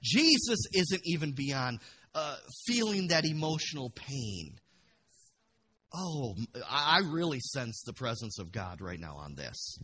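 A man pastor preaching a passionate sermon in a church, dropping to a hush and then rising to loud bursts. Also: mid-range voice, sing-song, a little slow, slightly rough. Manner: passionate, swings from hushed to loud.

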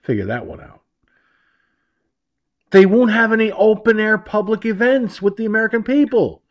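A man's voice: high-pitched, lively intonation, normal speed. A man hosting an internet radio show, delivering a sarcastic, rambling political monologue and repeating himself.

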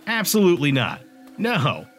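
A man's voice: on the high side, wildly swooping pitch, normal speed, fairly bright tone, faint music behind, pitched above the performer's own voice, heavily acted. Meade, a man voicing a sardonic hard-boiled private eye. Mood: wary. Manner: sardonic, grumbling. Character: gruff cynical male Martian private eye.

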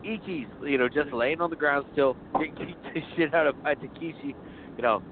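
A man's voice: a little high, normal speed, background noise. A man co-hosting a casual horror film podcast, rambling and swearing freely as he recaps scenes and often laughs. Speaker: podcast co-host. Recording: phone-like, narrow sound.

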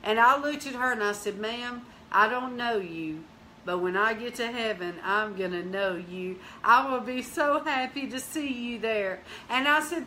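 On a Christian teaching show, a female host shares a personal testimony, acting out each person's lines. Her bright, forceful voice runs a little high and slightly slow, shifting between plain storytelling, bursts of praise and prayer, over faint background noise.

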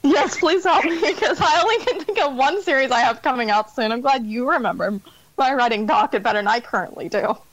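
A woman's voice: high-pitched, expressive, fairly quick, a bit bright, dull audio. Chatty self-deprecating woman author. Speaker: author guest. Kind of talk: casual podcast interview.

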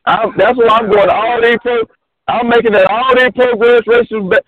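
Man, boastful trash talk, high-pitched, phone-line audio. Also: steady tone, normal speed, no echo. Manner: boastful, repetitive, keeps calling out names. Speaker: drag racer, show regular. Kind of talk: casual trash talk on a call.

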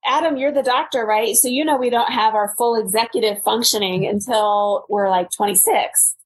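A woman in her thirties, a guest on a live stream, telling her story in a lively, laughing way. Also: a little high, moderate pace, husky. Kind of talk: casual interview chat.

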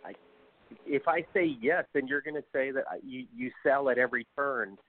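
A calm man explains his view in a measured, consultative way. His voice sits at a mid pitch and comes through a narrow, phone-like line. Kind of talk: discussion on a call-in show.

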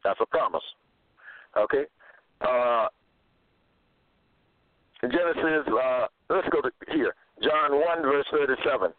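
A man's voice: mid-range voice, dry recording. Man preaching over a tinny, phone-like line. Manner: halting, searching for verses aloud; repetitive, insistent. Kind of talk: self-made religious monologue citing scripture. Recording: narrow phone-like sound, dry.

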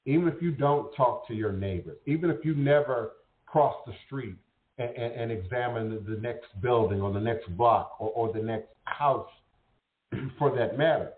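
A man's voice: mid-range voice, normal speed. A man hosting a casual spiritual talk show, rambling and repeating words as he searches for them. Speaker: host. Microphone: internet radio call. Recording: tinny phone-like audio in an echoey room.

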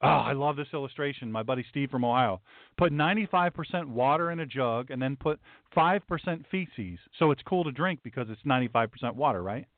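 Emphatic preacher-host on a thin phone line. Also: male voice, mid-range voice, animated, a little fast, no echo. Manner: emphatic, preachy, repeats lines for punch. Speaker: pastor and talk show host. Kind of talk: opinionated talk show monologue. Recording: tinny, dry phone-like sound.

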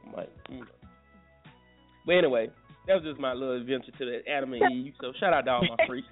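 A radio host with a mid-range voice runs a casual morning show, talking fast, joking, and cursing freely in a crude, profane way. The sound is tinny and phone-like, with faint music behind him.

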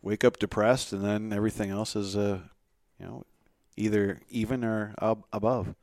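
A man's voice: fairly low pitch, flat delivery, normal speed, darkish tone, no echo. A man co-hosting a casual sports podcast, tossing in wry, dry quips. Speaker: podcast co-host.

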